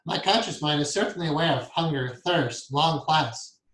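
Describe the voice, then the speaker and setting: A soft-spoken male meditation teacher with a slightly high voice, talking calmly through a breathing lesson. He chuckles often between explanations. The sound carries a noticeable room echo. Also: normal speed. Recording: echoey room.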